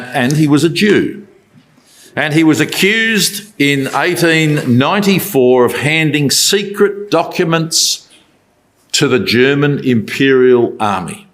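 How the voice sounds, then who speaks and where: A man giving a Bible talk in a conversational way, asking rhetorical questions as he tells the story. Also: medium pitch. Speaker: Bible speaker.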